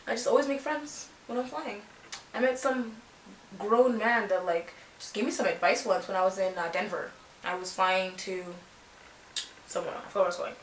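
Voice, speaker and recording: A young Canadian woman chats casually while she does her makeup. She rambles along with lots of filler words, at a middle pitch. She sits some way from the mic in an echoey room, with a little background hiss. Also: normal speed. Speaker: beauty vlogger. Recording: roomy, distant mic, faint noise.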